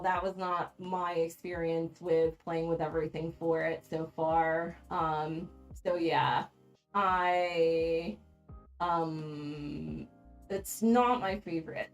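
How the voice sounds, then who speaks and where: A woman's voice: lowish voice, fairly bright tone. A woman hosting a casual board game livestream, talking frankly with frequent ums and little laughs. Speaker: board game channel host.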